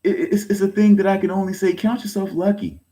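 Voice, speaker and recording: A man's voice: fairly even intonation, fast, mellow. A man in his thirties delivering a heated rant straight to his viewers. He swears, repeats himself and keeps calling them "folks". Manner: agitated, swearing, repeats himself, pitch swings high when angry. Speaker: online content creator. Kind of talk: heated direct-to-camera rant.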